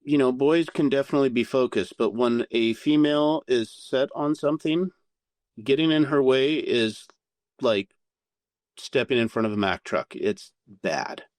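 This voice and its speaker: A man telling a candid story as a podcast guest, animated and full of swearing. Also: medium pitch, measured pace, dry recording, clean studio sound. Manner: profane, animated anecdote-telling.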